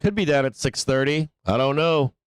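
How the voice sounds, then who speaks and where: A man's voice: mid-range voice, animated, normal speed, clean tone, no room sound. A man hosting a live stock trading stream, talking casually and profanely, laughing often and answering imagined viewer questions himself. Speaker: trading show host. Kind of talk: live market commentary stream.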